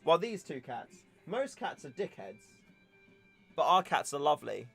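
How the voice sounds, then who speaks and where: A man's voice: a little high, sing-song, a little slow, creaky, fairly bright tone, slightly rough. A young man hosting a casual livestream, chatting and joking in a rambling way. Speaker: livestream host. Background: faint music.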